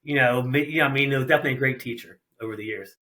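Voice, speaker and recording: A man's voice: mid-range voice, rapid-fire. A middle-aged man from Ohio, a racer guesting on a podcast, telling stories casually and acting out the voices of people he quotes. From Ohio, USA. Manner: animated, acts out quoted voices. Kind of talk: casual storytelling.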